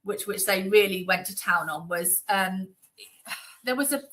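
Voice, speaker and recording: A woman's voice: medium pitch, a little slow, fairly bright tone, low-quality recording. A woman being interviewed, talking in a chatty, indignant way with lots of fillers. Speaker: interview guest. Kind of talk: conversational interview. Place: Northamptonshire.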